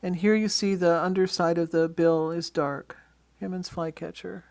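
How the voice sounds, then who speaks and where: An easygoing birding instructor leads a slide-show lesson on identifying birds, with a voice of middling pitch. The talk is casual and often halts on ums and uhs while pointing out features in each photo. The sound is dry and close, with no room echo. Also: fairly even intonation, normal speed, gravelly, darkish tone. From Western Washington.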